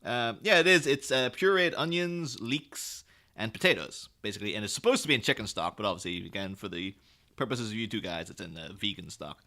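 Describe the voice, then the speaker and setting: A man co-hosting a podcast, telling stories in a rambling, animated way with lots of fillers. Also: lowish voice, fairly quick. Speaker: podcast co-host. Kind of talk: casual chat.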